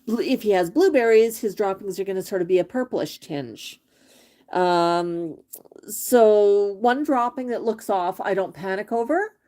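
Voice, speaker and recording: A woman's voice: medium pitch, lively intonation, normal speed, hardly any pauses, mellow. A woman hosting a livestream about her pet parrot, reading viewer comments and chatting casually about bird care. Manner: sing-song baby talk to her bird, then chatty comment reading. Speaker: pet parrot channel host.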